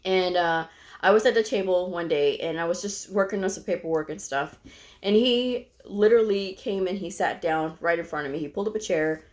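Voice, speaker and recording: A woman's voice: on the low side, brisk. A middle-aged woman from Texas who vlogs about medical coding, telling a personal story to camera in a chatty way, full of "you know" and small fillers. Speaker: medical coder vlogger.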